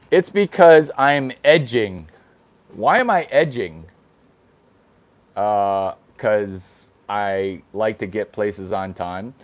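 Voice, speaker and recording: A man vlogging in a casual, playful way, full of crude jokes and exaggerated baby talk. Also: mid-range voice. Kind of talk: casual vlog chatter.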